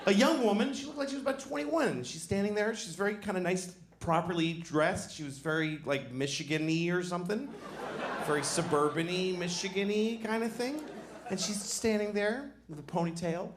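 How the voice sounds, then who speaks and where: A middle-aged man doing a deadpan stand-up comedy set, now and then breaking into loud shouted bits. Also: sits high, normal speed, a faint crowd. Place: comedy club stage before a laughing audience. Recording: roomy live club recording, noisy.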